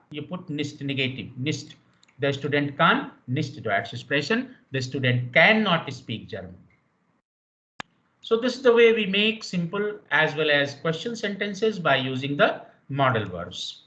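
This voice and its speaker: A man's voice: high voice, sharp tone, highs cut off. A man teaching a university language lecture online, explaining rules patiently and repeating the key points.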